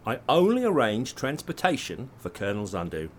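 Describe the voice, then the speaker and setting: A man's voice: mid-range voice, wildly swooping pitch, fairly quick. A man playing an indignant arrested shopkeeper. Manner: defensive, protesting.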